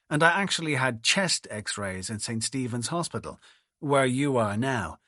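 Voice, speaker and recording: A man reading a thriller audiobook in the first person, with a measured, confessional delivery. His voice sits at a middling pitch, and the recording is close and dry with no room sound. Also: fairly bright tone, no room sound. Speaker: audiobook narrator.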